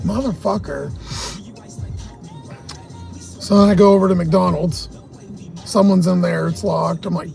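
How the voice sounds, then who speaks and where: Man, high gravelly voice, profane agitated rant, casual livestream, faint music behind. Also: warm tone. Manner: profane, agitated, heavy cursing. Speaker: livestream host.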